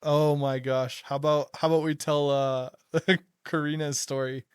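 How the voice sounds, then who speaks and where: A man's voice: fairly high pitch, a little slow, clean tone, dry recording, studio quality. A young man hosting a casual chat, telling stories with frequent laughter. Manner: laughs a lot, excitable storytelling. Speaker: podcast host.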